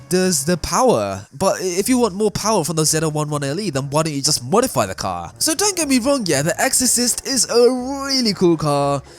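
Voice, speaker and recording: A man giving casual, rambling voice-over commentary on a video game, excitable and often correcting himself mid-sentence. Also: fairly high pitch. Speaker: gaming commentator.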